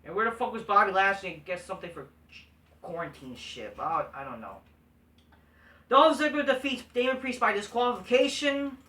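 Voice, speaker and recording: Man, bright tense voice, swearing and dismissive, echoey room, off-mic. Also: high-pitched, very animated, moderate pace, recorded from a distance. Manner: blunt, profane and dismissive. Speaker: host. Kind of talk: casual wrestling recap.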